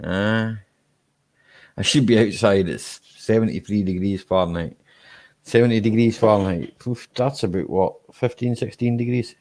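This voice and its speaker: A Scottish man hosting a casual live-stream chat, relaxed and chatty, laughing easily and tagging his sentences with "eh?". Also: fairly low pitch, normal speed. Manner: relaxed and chatty, ends lines with "eh?".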